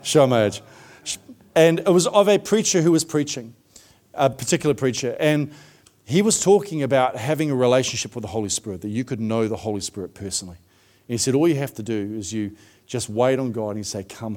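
A middle-aged man preaching a sermon in a relaxed, chatty storytelling voice. His pitch sits in a plain middle range, and he leans on little fillers as he talks. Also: brisk. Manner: storytelling, warm and conversational with frequent fillers.

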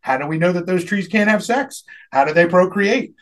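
A high-voiced man tells a long comic story in a loose, chatty way. He laughs often and slips into the voices of the people he quotes. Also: animated, moderate pace. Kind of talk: casual storytelling chat.

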